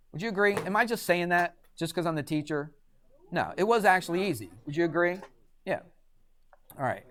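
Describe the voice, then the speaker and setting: A man's voice: a little high, fairly bright tone. A man teaching a math class in a classroom, chatty and quizzing students with frequent questions. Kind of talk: classroom lecture.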